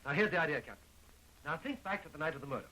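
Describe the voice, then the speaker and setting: A man's voice: fairly high pitch, animated, bright, forceful tone, a little hiss or hum, rough recording. An actor playing a lovesick young man who jokes his way through an amateur murder investigation, in 1920s film acting on an old soundtrack. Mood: eager. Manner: fast joking patter.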